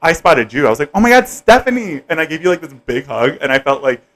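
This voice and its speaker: A man's voice: medium pitch, quick pace. A young man hosting a podcast, chatting casually and animatedly, with lots of "like" and frequent laughter. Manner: animated, laughs often, says "like" a lot. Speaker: podcast host. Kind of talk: casual chat.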